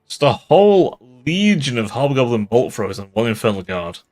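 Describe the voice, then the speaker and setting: A man's voice: medium pitch, very animated, normal speed, a little mellow, faint music behind. A man casually commenting on his own live strategy gameplay, joking and swearing as he plays. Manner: joking, sweary, mock-offended. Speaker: streamer.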